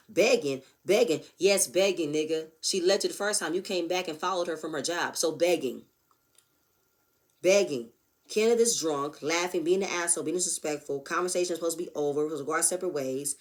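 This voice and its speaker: A woman giving a blunt, profane, animated recap of a reality show episode. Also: on the low side, brisk. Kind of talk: casual recap commentary.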